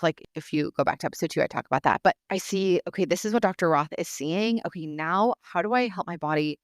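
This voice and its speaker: A woman's voice: lowish voice, dry recording, studio quality. A woman hosting her own podcast, earnestly telling a personal story with many fillers and restarts. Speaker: podcast host.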